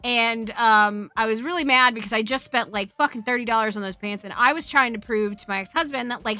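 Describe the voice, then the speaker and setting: A woman's voice: a little high, fairly quick, hardly any pauses, pushed and bright, clear, resonant tone, faint music behind. A woman streamer telling a story in casual chat, talking freely, swearing often and laughing as she goes.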